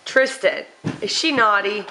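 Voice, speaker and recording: A woman's voice: mid-range voice, measured pace, pushed and bright, slight background noise. A mother at home, chatting with her small children and coaxing them with questions. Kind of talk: casual home video chat. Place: family home by a staircase.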